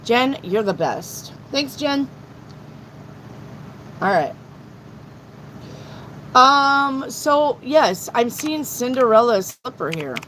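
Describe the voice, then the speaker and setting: Blunt, excitable woman tarot reader. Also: high-pitched, very slow, pauses often, slight background noise, low-quality recording. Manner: blunt, excitable, swears freely. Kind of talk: live-stream tarot reading.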